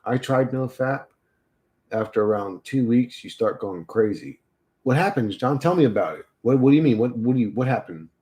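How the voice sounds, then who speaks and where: Man, casual chat, profane, crude, laughs a lot, middle pitch. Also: lively intonation, moderate pace, mellow. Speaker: streamer chatting with viewers.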